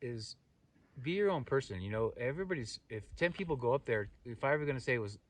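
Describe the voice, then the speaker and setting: A man's voice: medium pitch, quick pace, no echo, recorded from a distance. A middle-aged man telling a rambling story to his camera, full of fillers and restarts, as a hiking vlogger outdoors on a mountain trail. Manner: rambling, animated retelling with many fillers and restarts. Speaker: thru-hiker vlogger.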